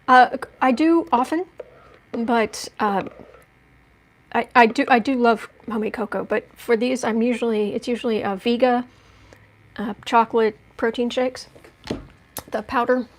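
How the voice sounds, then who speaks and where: A woman's voice: on the high side, fairly even intonation, moderate pace, pauses often. A woman hosting a casual livestream tarot reading at home, chatting in a rambling way with many restarts and asides. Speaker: tarot reader and livestream host. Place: at home indoors.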